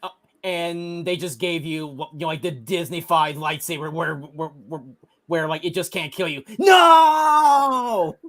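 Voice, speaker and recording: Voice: mid-range voice, fairly even intonation, normal speed, a bit bright. A podcast co-host in casual chat, laughing often and tossing in jokey asides.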